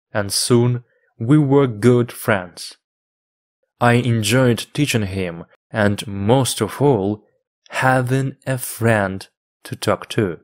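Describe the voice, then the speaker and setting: A man teaching English by reading a storybook aloud in slow, measured phrases for learners. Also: on the low side.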